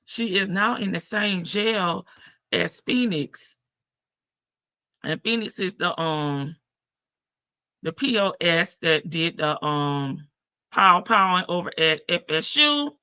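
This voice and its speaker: A woman's voice: on the low side, expressive, takes it slowly, pauses often, bright, forceful tone, no echo. A woman with a heavy morning voice, hosting a casual live stream from her front porch and greeting viewers by name.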